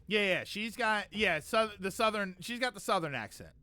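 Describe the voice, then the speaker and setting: A man's voice: high voice, lively intonation, moderate pace, bright, forceful tone, dry recording. A man streaming gameplay live, chatting and joking with viewers while reacting aloud to the game.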